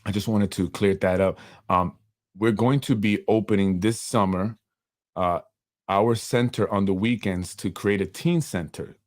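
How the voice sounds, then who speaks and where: Brief: middle-aged male podcast host, very low voice, dry close sound, earnest and rambling with lots of fillers, emotional. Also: steady tone, unhurried, no echo. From Yonkers, New York. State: emotional, voice softening. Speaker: podcast host and community organizer. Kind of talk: solo podcast monologue.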